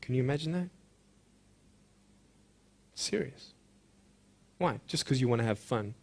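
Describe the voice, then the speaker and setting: A man giving an impassioned motivational speech to a school audience, moving from quiet intensity to emphatic shouting. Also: mid-range voice, expressive, unhurried, gravelly. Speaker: motivational speaker.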